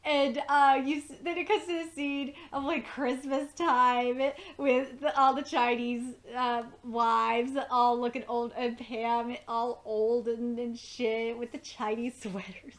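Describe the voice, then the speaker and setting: A woman's voice: fairly high pitch, level tone, slow pace, hardly any pauses. A woman casually recapping a TV episode, rambling and profane, full of fillers. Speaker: TV episode reviewer.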